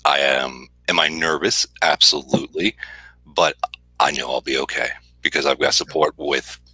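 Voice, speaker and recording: A man joining a live chat by video call as a guest, soft-spoken and hesitant with many fillers. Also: extremely low pitch, fairly even intonation, normal speed, husky, dry recording, rough recording. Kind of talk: casual chat.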